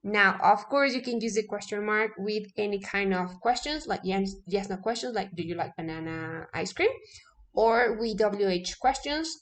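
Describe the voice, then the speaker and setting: A woman's voice: mid-range voice, moderate pace, hardly any pauses. A woman English teacher, a native Spanish speaker, explaining grammar step by step, often checking in with "okay?" and correcting herself mid-sentence.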